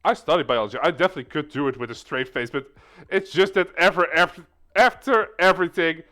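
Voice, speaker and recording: A man's voice: on the high side, quick pace, pushed and bright. A man co-hosting a casual talk show, rambling through joking explanations. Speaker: podcast co-host. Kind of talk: casual chat.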